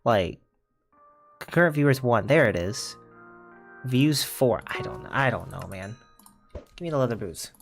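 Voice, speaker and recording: A man's voice: medium pitch, lively intonation, measured pace, creaky, long pauses, soft background music. A young man streaming a video game, chatting in a laid-back, rambling way and laughing often. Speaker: gaming streamer. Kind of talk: casual chat while playing.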